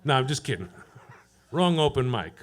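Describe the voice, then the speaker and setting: A man doing a profane stand-up set at an open mic, deadpan and teasing the crowd. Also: mid-range voice, moderate pace. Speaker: stand-up comedian. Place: comedy club stage.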